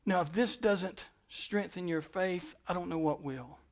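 A pastor preaching a sermon in church, repeating phrases for emphasis and moving between soft and loud delivery. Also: male voice, high voice, unhurried.

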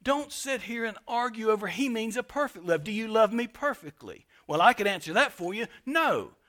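A man delivers a sermon from the pulpit as pastor. His voice sits high and bright. He drives his points with emphatic bursts, then drops to quiet, weighty lines. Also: big pitch swings, moderate pace. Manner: emphatic preaching with sharp swings in loudness. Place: church sanctuary.

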